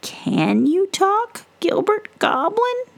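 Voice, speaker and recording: A woman voicing a gentle, wise and playful witch in a breathy, half-whispered story voice. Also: extremely high pitch, big pitch swings, slow pace, pitched above the performer's own voice, heavily acted. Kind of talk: whispered role-play.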